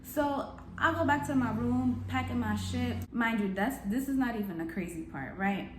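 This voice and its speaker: A woman's voice: fairly high pitch, moderate pace, slight background noise. Young woman telling a wild story, cursing. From New York. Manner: animated, profane street slang, acts out shouted quotes. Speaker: vlogger. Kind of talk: storytime vlog. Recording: echoey room.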